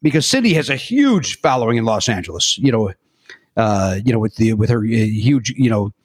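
A man's voice: lowish voice, normal speed, slightly rough, no room sound. Rambling storyteller man, dry close sound. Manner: rambling, self-correcting, animated quoting. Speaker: podcast guest. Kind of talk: casual storytelling chat. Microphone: remote podcast mic.

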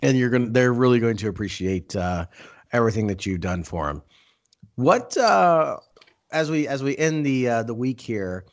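A man in his thirties hosting a casual podcast, upbeat and full of "uh" fillers and shout-outs. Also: on the low side. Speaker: podcast host.

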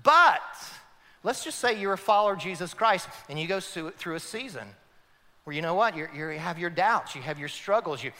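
A man, a pastor, preaching a sermon emphatically, swinging between loud climaxes and hushed passages. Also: sits high, expressive, fairly quick, big-room sound.

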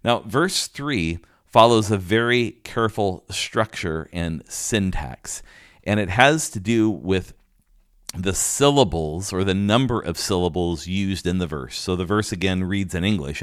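A man preaching a sermon, calmly explaining a Bible passage verse by verse, with occasional restarts and fillers. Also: low voice, measured pace, smooth, dry recording, studio quality. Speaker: pastor.

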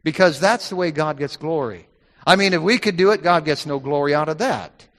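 A man's voice: a little high, brisk, fairly bright tone. Emphatic preacher man in a reverberant hall. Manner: emphatic, repeats key phrases, quotes scripture in old wording. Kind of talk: sermon.

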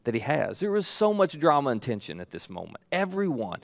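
A man's voice: medium pitch, sing-song, brisk, vocal fry, muffled recording. A man preaching a sermon as pastor, retelling a story with acted-out voices in a church.

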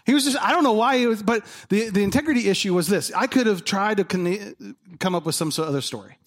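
A man's voice: high voice, fast talker. A man in his thirties preaching a sermon, telling personal stories and acting out the dialogue in them. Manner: animated storytelling, acts out dialogue. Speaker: pastor.

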